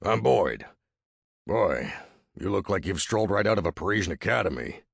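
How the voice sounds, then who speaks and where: A man voicing a gruff, skeptical older frontier trapper with a husky, gravelly voice and a mocking drawl in a storybook narration. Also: low voice, very animated, normal speed, no room sound, clean studio sound, full character voice.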